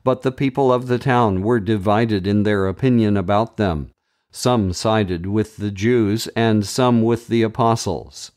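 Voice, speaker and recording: A man hosting a daily Bible reading podcast, reading scripture aloud in a measured, deliberate way with brief commentary. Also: on the low side, a little mellow.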